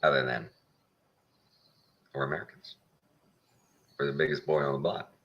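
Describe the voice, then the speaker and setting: A man's voice: extremely low pitch, fairly even intonation, normal speed, lo-fi sound. A man with a Texan accent giving a folksy, plain-spoken opinion monologue with a wry edge. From Texas. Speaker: show host.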